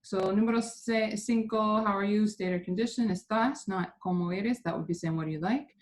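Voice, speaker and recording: A woman's voice: mid-range voice, a little fast, darkish tone, a little hiss or hum. A woman teaching a Spanish class, patiently explaining grammar step by step.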